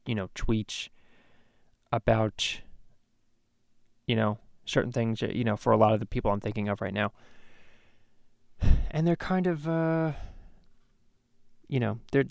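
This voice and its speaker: A man's voice: fairly low pitch, moderate pace, vocal fry, pauses often, a little mellow, no echo, studio quality. A man hosting a comedy podcast, ranting and swearing in a rambling way with many restarts. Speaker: podcast host. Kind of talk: profane comedic rant. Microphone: podcast microphone.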